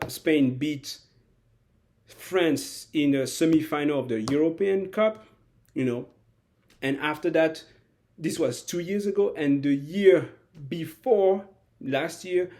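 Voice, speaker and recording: A football commentator with a fairly high, slightly mellow voice analyzes a match in a loose, rambling way. He stops and restarts sentences and drops into little acted-out quotes as he goes.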